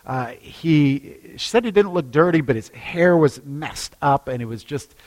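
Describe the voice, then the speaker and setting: A male pastor in the middle of a sermon, telling a story in a lively, conversational way. He stumbles into quick restarts and lifts his voice when he acts out the people in the story. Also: on the high side. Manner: lively storytelling, acting out quotes, frequent restarts.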